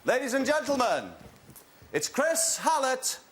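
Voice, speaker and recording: A man hosting a comic game show with deadpan, absurd quips before a live studio audience. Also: very high voice, a little slow.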